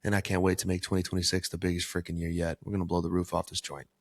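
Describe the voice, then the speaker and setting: A man's voice: sits low, monotone, rapid-fire, long reverb tail. A man hosting his own podcast alone, talking earnestly like a coach and swearing for emphasis. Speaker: podcast host. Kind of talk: solo motivational podcast talk.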